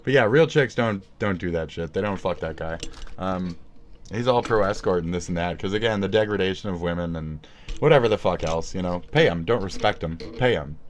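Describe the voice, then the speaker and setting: A man with a deep, low voice rants into his phone mic. He rambles and swears nonstop, piling sarcasm into loose, profane commentary. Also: animated, brisk, highs cut off, a little hiss or hum. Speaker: streamer commenting on another streamer. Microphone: phone recording.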